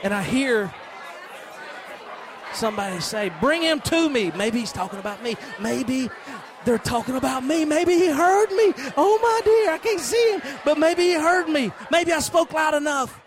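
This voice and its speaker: A preacher playing a blind beggar crying out. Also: male voice, very high voice, measured pace, long pauses, crowd noise, noisy background. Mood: hopeful. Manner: excited calling out, laughing. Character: blind male beggar on the roadside, eager and desperate. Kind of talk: sermon role-play.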